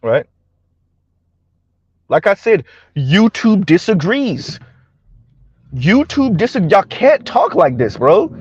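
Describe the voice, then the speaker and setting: A man's voice: high voice, sing-song, takes it slowly, pauses often, breathy edge, no room sound, muffled recording. A man hosting a casual commentary vlog, talking mockingly to his viewers, laughing often and asking "right?" over and over. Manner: addresses viewers directly. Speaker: commentary channel host.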